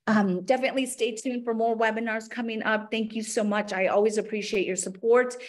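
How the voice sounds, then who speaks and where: A woman's voice: on the high side, steady tone, a little fast. A woman podiatrist hosting a live webinar, answering questions and demonstrating exercises with upbeat, chatty movement cues.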